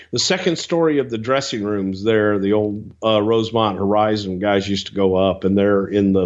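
A man co-hosting a podcast, bantering and telling stories in an animated, casual way. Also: on the low side, muffled recording. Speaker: podcast co-host.

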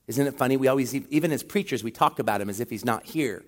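A man giving a sermon as a guest pastor, talking conversationally with self-deprecating humor and rising louder on emphatic points. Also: medium pitch, fast.

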